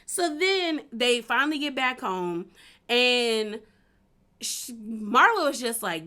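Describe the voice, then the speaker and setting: A woman's voice: fairly high pitch, expressive, slow, pushed and bright. A young woman casually recapping a reality show, chatty and laughing often, with plenty of filler words. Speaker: recap vlogger.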